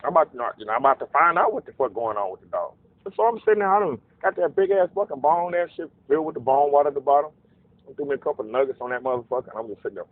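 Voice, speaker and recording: A man telling a casual, profane story, animated and acting out voices in quotes. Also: medium pitch, rapid-fire. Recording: narrow phone-like dry sound.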